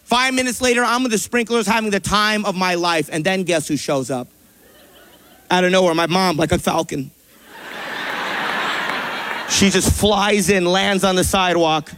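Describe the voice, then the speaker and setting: A man doing a stand-up comedy set, telling a family story with animated delivery and voices for his parents. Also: high-pitched, moderate pace, pauses often, a little hiss or hum.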